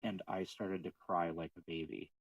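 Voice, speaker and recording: A man co-hosting a casual podcast about faith, telling stories with animated retelling of what others said. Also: low-pitched, moderate pace, no room sound, recorded from a distance, low-quality recording. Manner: storytelling, animated retelling of quotes. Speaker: podcast co-host.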